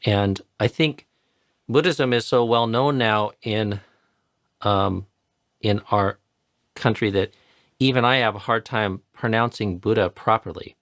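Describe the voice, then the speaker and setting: A man's voice: on the low side, fairly bright tone, dry recording, studio quality. A man patiently explaining and modeling pronunciation in a live chanting tutorial. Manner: patient, explanatory, repeats words slowly to model sounds. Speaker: chanting teacher.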